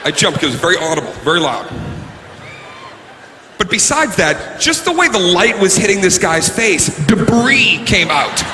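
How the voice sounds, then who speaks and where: A man performing a stand-up comedy set, animated and breaking into shouts, recorded live on stage. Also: high voice, moderate pace. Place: comedy stage before an audience. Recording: live show recording, reverberant hall, faint room noise.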